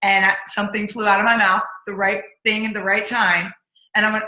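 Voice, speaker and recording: A woman guest coach telling stories in an interview, energetic and punchy, acting out her own inner voice. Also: medium pitch, a little fast, reverberant, poor audio. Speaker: podcast guest, accountability coach. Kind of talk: candid interview storytelling.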